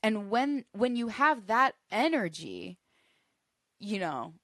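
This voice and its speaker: A woman hosting a solo podcast, teaching in an earnest, emphatic way that builds to forceful bursts. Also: mid-range voice, sing-song, slow, no room sound, studio quality. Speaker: podcast host.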